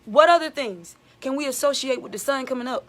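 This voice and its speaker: A woman's voice: high-pitched, brisk, fairly bright tone. A woman giving an emphatic, repetitive spiritual vlog monologue as a channeler.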